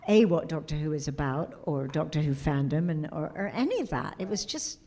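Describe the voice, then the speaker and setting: A middle-aged woman speaking on a convention panel, with a slightly low voice. She tells her stories with energy, acting out what others said. Her talk is warm and chatty. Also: a little fast. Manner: animated storyteller who acts out quotes. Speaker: convention guest of honor.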